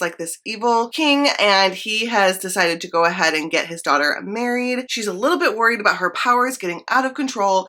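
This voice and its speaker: A young woman talks through her reading plans in a relaxed vlog style, full of excitement and casual fillers. Her voice sits mid-range with a bright, forward edge. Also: medium pitch. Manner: chatty and enthusiastic, frequent "like" fillers. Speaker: book vlogger. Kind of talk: casual chat.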